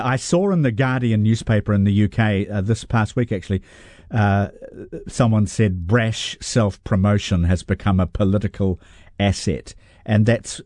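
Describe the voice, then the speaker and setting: A man's voice: lowish voice, warm tone, no echo, studio quality. A man hosting an interview, asking brief questions of his guest. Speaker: interviewer, host.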